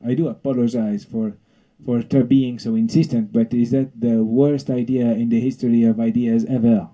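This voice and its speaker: Dude doing a shrill stubborn lady bee, talks fast and pushy, kinda husky underneath. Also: flat delivery, warm tone, lo-fi sound, lightly acted. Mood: mocking. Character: indignant female bee, small and stubborn.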